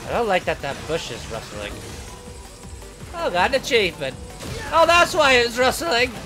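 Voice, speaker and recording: A man's voice: very high-pitched, huge pitch swings, normal speed, exaggerated voice. A man playing a symmetry-obsessed young male reaper, giving short-tempered gameplay commentary and swearing at the game. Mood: annoyed, playful. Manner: easily agitated, swears and yells at the game. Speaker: gamer playing in character. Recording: game music playing behind the voice.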